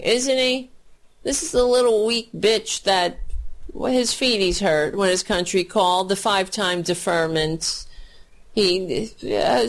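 Slow-talking angry male commentator. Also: sits high. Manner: angry, profane, mocking. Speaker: political commentator. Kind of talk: solo political rant.

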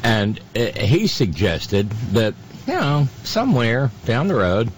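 A man hosting a talk radio show, giving political commentary in a halting, sarcastic way full of fillers. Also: mid-range voice, huge pitch swings, a little hiss or hum.

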